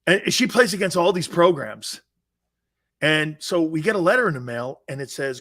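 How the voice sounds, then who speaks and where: A middle-aged man hosting a sports talk show, telling self-mocking stories in a lively, animated way. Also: a little high, moderate pace, vocal fry.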